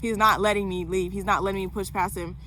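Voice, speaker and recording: A woman's voice: medium pitch, fairly even intonation, fast, sharp tone, a little hiss or hum. Candid young woman telling a story. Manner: candid, fillers, frequent swearing. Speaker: vlogger. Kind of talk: personal storytelling to camera.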